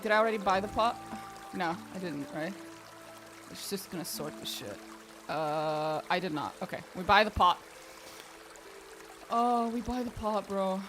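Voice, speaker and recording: A woman streaming a video game, chatting casually, excitable and swearing, often breaking into laughs. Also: medium pitch. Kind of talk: casual gameplay commentary.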